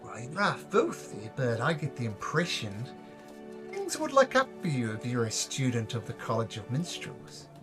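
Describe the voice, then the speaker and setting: A man voicing a gruff, overly friendly male bugbear moneylender in a tabletop game. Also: medium pitch, huge pitch swings, normal speed, music in the background. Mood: wheedling. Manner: wheedling, overly friendly sales talk.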